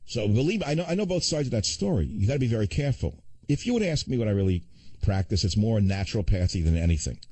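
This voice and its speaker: An older man hosting a talk radio show, ranting fast with sarcastic asides. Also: fairly low pitch, very animated, mellow, breathy edge, no room sound.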